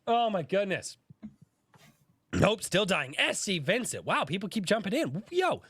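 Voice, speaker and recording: A man's voice: high-pitched, big pitch swings, unhurried, fairly bright tone, husky. A man hosting a casual livestream podcast, sick with a sore throat and cough, greeting viewers by name and laughing through his coughing. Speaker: podcast host.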